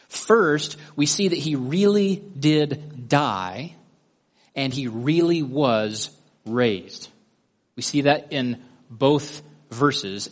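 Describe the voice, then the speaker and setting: A man teaching a Bible study lesson, methodically guiding listeners step by step through a drawing. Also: mid-range voice.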